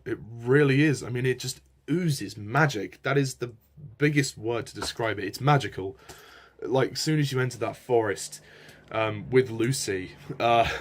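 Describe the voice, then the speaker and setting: A man giving a casual spoken film review. He sounds enthusiastic and hesitant, and rambles. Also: mid-range voice.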